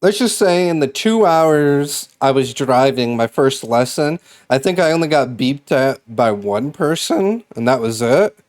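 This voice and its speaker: A man's voice: mid-range voice, animated, measured pace, hardly any pauses, darkish tone. A man from Massachusetts streaming, chatting casually with viewers in a rambling, laid-back way that swears and laughs easily. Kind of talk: casual chat with live chat.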